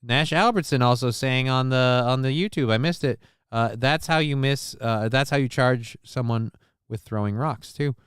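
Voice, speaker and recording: A man's voice: mid-range voice, normal speed, clear, resonant tone, no room sound, clean studio sound. Profane, rambling male stream host. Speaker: livestream show host. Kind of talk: casual livestream chat, reading viewer comments.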